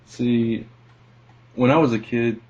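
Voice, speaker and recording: A man's voice: mid-range voice, steady tone, slow, darkish tone, highs cut off, a little hiss or hum. A man co-hosting a casual podcast, who laughs a lot and keeps wandering off into side stories. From lives in Kentucky, not born there. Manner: laughs often, rambles off on sidetracks. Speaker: podcast co-host. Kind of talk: casual chat.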